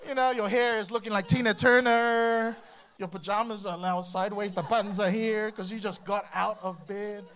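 A male pastor delivers a sermon with humor and energy, slipping into playful voices and silly sound effects. His voice sits high and sounds bright and forceful. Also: moderate pace. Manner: humorous, animated, acts out voices and bird sounds.

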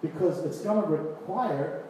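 A man preaching a sermon, animated, acting out scripture scenes with voices and laughter. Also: on the high side, a little slow, slight background noise. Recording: echoey hall, distant mic, faint ambience.

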